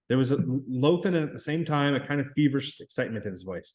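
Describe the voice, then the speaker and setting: A man reading a novel aloud in a plain, measured way. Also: mid-range voice, animated, a little mellow. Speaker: reader.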